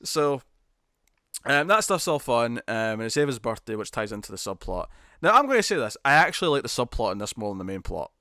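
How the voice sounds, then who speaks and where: A man's voice: medium pitch, no room sound, clean studio sound. A man co-hosting a TV podcast, chatting casually and animatedly, laughing as he retells scenes. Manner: animated, laughing, quick retelling with acted quotes. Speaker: podcast co-host. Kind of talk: casual chat about TV episodes.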